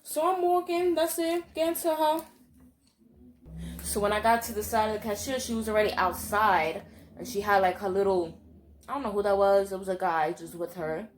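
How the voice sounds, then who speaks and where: A woman's voice: medium pitch, steady tone, a little fast, slight background noise. A young woman recounts a story straight to camera in a blunt, fiery way, swearing freely. She rambles and circles back with fillers, keeping it loose and casual. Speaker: storytime vlogger.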